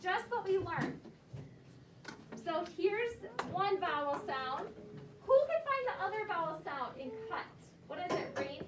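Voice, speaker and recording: In a second grade classroom, this teacher leads a phonics lesson at a measured pace, patiently cueing and questioning her students in a very high-pitched, expressive voice. The recording comes from a far camera, so it's echoey and carries room noise.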